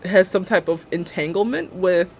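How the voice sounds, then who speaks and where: A woman's voice: lowish voice, moderate pace, soft background music. A young woman live-streaming a building game, chatting casually and sarcastically and laughing often.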